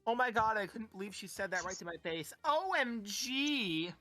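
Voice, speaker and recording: A woman's voice: medium pitch, quick pace, pushed and bright. A woman reading a book aloud with friends, joking in a blunt, crude way. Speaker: co-reader. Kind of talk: comedic group book reading.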